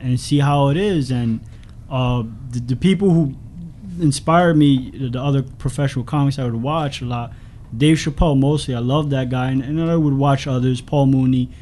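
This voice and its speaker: A man's voice: medium pitch, warm tone. A man from the Bronx, a new stand-up comic guesting on a casual podcast, rambling through his story with crude jokes.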